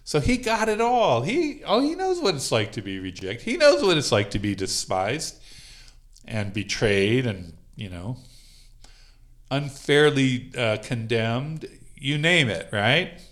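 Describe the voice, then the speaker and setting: A man's voice: medium pitch, huge pitch swings, slow pace, fairly bright tone. A man leading a Bible study, talking it through informally with frequent fillers and light laughs. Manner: conversational, many fillers and laughs. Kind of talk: informal teaching on a call.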